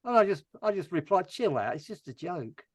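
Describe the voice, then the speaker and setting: A man's voice: high voice, very animated, normal speed, husky, no room sound. An older man from England in casual chat as a guest, rambling and dry-humoured.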